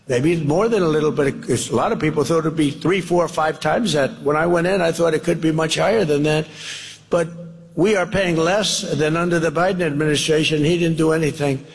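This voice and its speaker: A man's voice: on the high side, normal speed, slightly rough. An older man giving a rambling, emphatic, repetitive rally speech, played as a recorded clip. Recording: reverberant hall audio clip.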